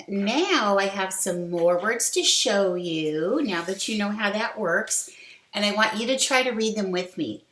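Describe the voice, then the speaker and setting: A woman teaching a phonics lesson to young children, sounding out words slowly with sing-song prompts. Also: medium pitch, fairly bright tone. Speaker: kindergarten teacher. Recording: echoey room.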